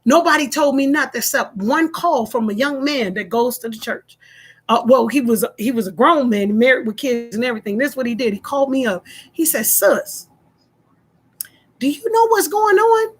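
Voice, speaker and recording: Emphatic high-voiced woman telling a story. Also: brisk. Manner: emphatic, repeats herself, acts out both sides of a phone call. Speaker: vlogger telling a personal story. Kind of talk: casual storytelling to viewers.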